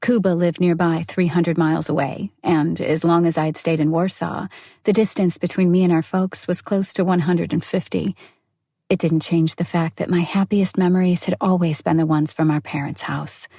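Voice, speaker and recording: Mellow, breathy woman narrating an audiobook. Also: fairly low pitch, level tone, normal speed, no room sound, clean studio sound. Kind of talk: first-person audiobook narration.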